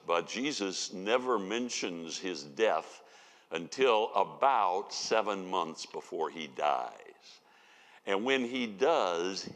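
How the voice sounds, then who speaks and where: A man's voice: low voice, fairly bright tone. A man giving a conversational sermon as a Bible teacher, telling the story with folksy asides. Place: church sanctuary. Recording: long reverb of a church hall.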